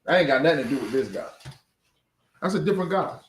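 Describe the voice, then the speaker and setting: Male scripture teacher preaching to a class, forceful and repetitive, animated pitch, echoey room. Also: fast talker, slight background noise. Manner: forceful, repeats phrases for emphasis.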